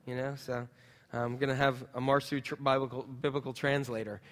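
A man's voice: mid-range voice, flat delivery, a little fast. Chatty man preaching in a reverberant hall. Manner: chatty, jokey, with many fillers and asides to the crowd. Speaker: pastor. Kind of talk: casual sermon to a congregation. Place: church hall.

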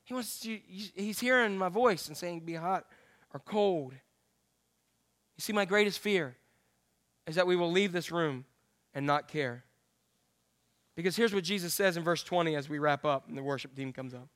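A man's voice: high-pitched, moderate pace, long pauses, a bit bright. A man pastor preaching an earnest, conversational sermon.

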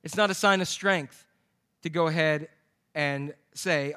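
High bright-voiced male preacher. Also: measured pace, smooth. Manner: lively storytelling with jokes to the congregation. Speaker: pastor. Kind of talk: sermon.

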